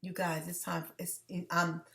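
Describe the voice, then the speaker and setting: An American woman hosting a channel speaks directly to camera in a commentary vlog, earnest and emotional, often breaking off and restarting her sentences. Her voice is low, level, creaky and fairly bright, at a moderate pace, in an echoey room.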